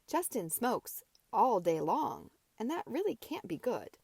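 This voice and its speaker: Woman playing a shy lisping young man, halting, higher voice, gravelly edge, dry close sound. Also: big pitch swings, darkish tone, no echo, heavily acted. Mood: timid. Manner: hesitant and halting, with many fillers. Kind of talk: amateur audiobook character voice.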